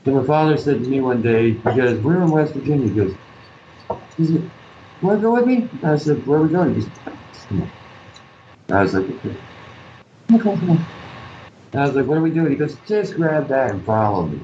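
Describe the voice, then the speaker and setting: A man's voice: mid-range voice, animated, fast, mellow. A man telling a personal story in an interview, earnest, repeating himself and acting out what others said. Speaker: guest artist and musician. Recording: dull lo-fi recording with faint noise.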